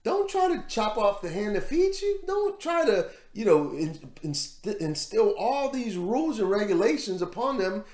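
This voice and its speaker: A man's voice: high voice, big pitch swings, normal speed, hardly any pauses, a little mellow, reverberant. A man giving casual, rambling commentary on a news story as host of his own show, repeating words as he goes. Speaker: vlog host.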